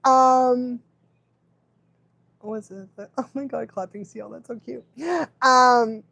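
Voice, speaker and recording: A woman's voice: on the high side, steady tone, slow pace, gravelly, a bit bright, no echo. A woman dog trainer chatting casually on a livestream, laughing often and fumbling her words now and then.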